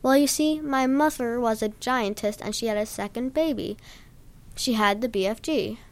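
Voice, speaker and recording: A woman voicing a big, gentle, secretive gamekeeper who talks hastily and reassuringly. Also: fairly high pitch, normal speed, lightly acted. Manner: hasty, reassuring.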